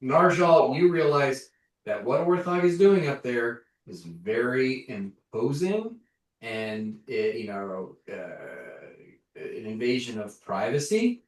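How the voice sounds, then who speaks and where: A man running a tabletop game as game master, narrating haltingly with many fillers. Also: mid-range voice, very animated. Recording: echoey room, distant mic.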